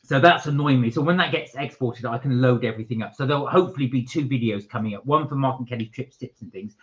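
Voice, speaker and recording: A man's voice: mid-range voice, fast, dull audio. A man co-hosting a casual live stream from England, chatting and reading viewer comments aloud.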